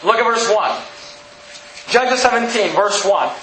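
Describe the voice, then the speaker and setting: A pastor teaching a sermon like a Bible study, reading scripture aloud and restating it casually with frequent check-ins. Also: male voice, sits high, a little slow, sharp tone. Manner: reads scripture aloud, then restates it conversationally with frequent "okay?". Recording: echoey room, faint background noise.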